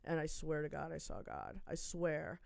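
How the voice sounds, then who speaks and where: A woman's voice: low voice, normal speed, gravelly, no echo. A woman guest on a podcast, telling a personal story in casual chat and acting out the voices she quotes. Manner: animated, acts out quoted voices.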